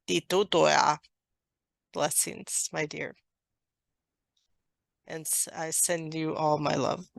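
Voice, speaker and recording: A woman in trance channeling a gentle, loving dragon spirit, speaking slowly and softly in solemn blessings. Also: fairly low pitch, vocal fry, dry recording, exaggerated voice. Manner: slow, soft, solemn blessing.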